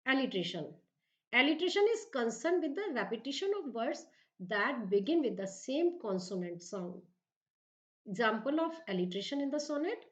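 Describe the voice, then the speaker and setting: A middle-aged woman, an English professor, giving a recorded literature lecture, explaining slowly and emphatically and checking that students follow. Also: on the high side, big pitch swings, fairly bright tone, highs cut off.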